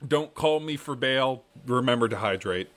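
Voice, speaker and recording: A man's voice: mid-range voice, lively intonation, moderate pace, a bit bright. A man hosting a podcast, wrapping up in a casual, rambling chat and restarting phrases as he goes. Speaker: podcast host.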